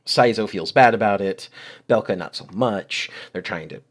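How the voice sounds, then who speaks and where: A man's voice: fairly low pitch, normal speed. A man hosting a channel, giving critical video commentary in an exasperated, sarcastic way and explaining translations in detail. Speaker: channel host.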